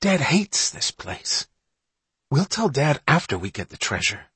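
A man's voice: on the high side, very animated, unhurried, slightly rough, no echo, voice pushed up, full character voice. Man voicing Johnny, a bold eager boy. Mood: urgent hushed. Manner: hushed, eager, urging. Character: bold boy, older brother, treasure-hungry.

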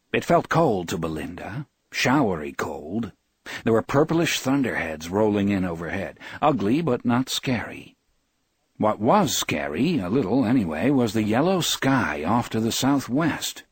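A man narrating a novel as an audiobook, expressive and voicing the characters. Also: fairly low pitch, a little slow, husky, no room sound.

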